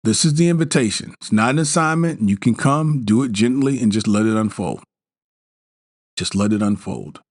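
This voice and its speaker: Calm man guiding a bedtime practice. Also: medium pitch, no room sound, clean studio sound. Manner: slow, repetitive, gently instructive, with fillers and restarts. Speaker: podcast host. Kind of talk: guided self-help talk.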